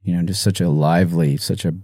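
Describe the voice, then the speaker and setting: Musician guest, man, low and very dark voice, halting and choked up, dry close sound. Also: fairly even intonation, dry recording. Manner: halting, soft-spoken, many fillers and restarts. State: emotional, choked up. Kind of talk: podcast interview.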